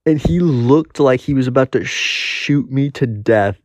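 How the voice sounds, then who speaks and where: A man's voice: mid-range voice, unhurried, no room sound. A young man telling a rambling, profane story in a casual storytime monologue.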